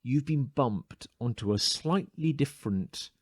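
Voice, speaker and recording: A man's voice: mid-range voice, unhurried, no room sound, clean studio sound. Podcast guy telling a story, voice swoops all over, acts out the quotes, trips on his words a bit. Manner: animated storyteller acting out quoted exchanges; stammers and restarts when building up a story. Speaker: podcast co-host. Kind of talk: casual chat.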